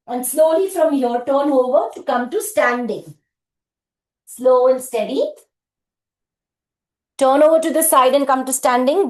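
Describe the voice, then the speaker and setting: Slow-counting woman fitness instructor, echoey room. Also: sits high. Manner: counting reps with brief cues and praise. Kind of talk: live group workout instruction.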